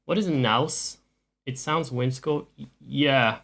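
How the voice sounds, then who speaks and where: A man's voice: medium pitch, unhurried, gravelly, fairly bright tone. Rambling, joking male streamer. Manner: rambling, dry joking, many restarts. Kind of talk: casual stream chat.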